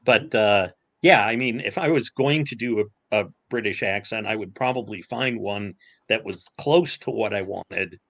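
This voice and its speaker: A man co-hosting a casual podcast chat, talking in halting bursts full of fillers and restarts. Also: lowish voice, creaky, fairly bright tone. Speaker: podcast co-host.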